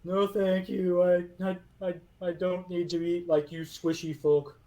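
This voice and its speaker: A man's voice: sits high, flat delivery, dark tone, pitched above the performer's own voice, low-quality recording. A man doing a weeping stone golem. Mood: mournful. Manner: tearful, halting. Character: sad weeping male stone golem guardian.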